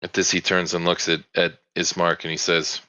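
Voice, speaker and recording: A man running a tabletop game, narrating in a casual, halting way. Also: deep voice, level tone, pushed and bright, dry recording, poor audio. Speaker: game master.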